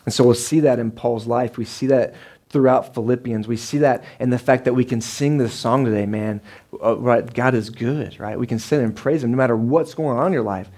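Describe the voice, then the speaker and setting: A man's voice: medium pitch, a little fast, a little mellow. A man in his thirties, a pastor preaching a sermon in a church, talking casually and turning to the congregation with asides. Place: church sanctuary.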